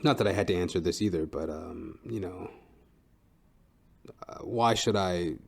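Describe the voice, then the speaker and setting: A man's voice: deep voice, moderate pace, creaky, husky. A man hosting a podcast, telling a comic story in a profane, ranting way with frequent "right?". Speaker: podcast host.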